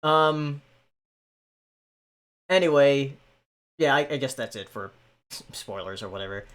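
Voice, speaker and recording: Hesitant man, mid-pitched podcast voice. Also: lively intonation, unhurried, a bit bright. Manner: hesitant, many ums and restarts. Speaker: podcast host. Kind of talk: casual chat.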